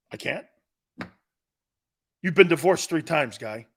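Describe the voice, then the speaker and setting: A man hosting a sports talk show, ranting loosely and acting out his own stories with brash, animated energy. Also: a little high, takes it slowly, husky. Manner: brash, animated storyteller, acts out dialogue. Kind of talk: loose sports radio rant.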